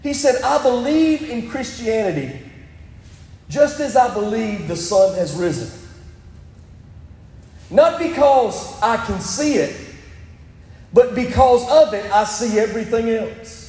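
High-voiced preacher in an echoey hall. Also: male voice, animated, slow pace, long pauses, mellow. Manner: preaching with rising emphasis, quoting scripture. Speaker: pastor. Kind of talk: sermon. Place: church sanctuary.

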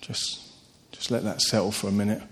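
A man preaching a sermon, earnest and animated, telling stories with sudden lifts in his voice. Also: on the low side, a little fast. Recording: long hall reverb.

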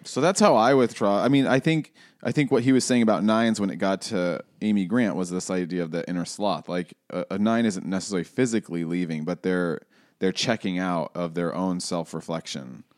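Male co-host, very low voice, thoughtful and halting, dry close mic. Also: darkish tone, no echo. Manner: musing, halting, many restarts. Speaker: podcast co-host. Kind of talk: casual chat.

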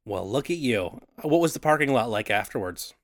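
A man chats casually as a podcast co-host, laughing easily between lines. His pitch moves a lot as he jokes around. The sound is dry and close-miked. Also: expressive, moderate pace, dry recording. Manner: laughing, easygoing banter. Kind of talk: casual comedy chat.

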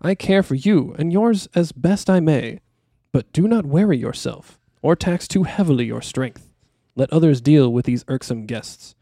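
A sly courtier fawns over his king in a raised, oily tone, as a man reads him. A gravelly edge sits under the flattery, recorded close and dry. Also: on the high side, moderate pace, no echo. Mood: fawning. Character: sly scheming male royal counselor.

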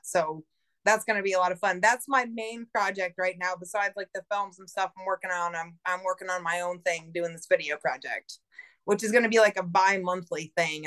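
This podcast guest, an independent filmmaker, has a fairly low, slightly bright voice. Her talk is casual and rambling, full of profanity and constant "like"s.

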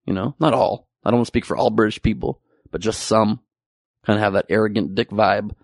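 Male comedian, sarcastic and profane, gravelly edge, dry close sound. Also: on the low side, fairly even intonation, brisk, no echo. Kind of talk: topical comedy monologue.

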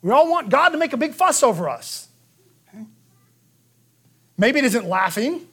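A man preaching a sermon, telling the story lively and acting out the quotes, with a frequent "okay?" to the room. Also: very high voice, moderate pace, husky. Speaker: pastor.

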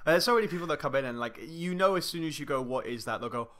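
A man's voice: a little high, lively intonation, rapid-fire, fairly bright tone, a little hiss or hum. An English-born man telling dry bar stories in casual podcast chat. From England. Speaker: podcast co-host, former bartender.

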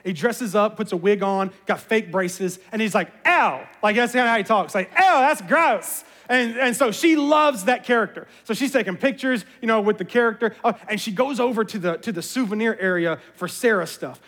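A man, a pastor, giving a sermon as an animated, self-mocking storyteller. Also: sits high, a little fast, few pauses. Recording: long reverb of a large hall.

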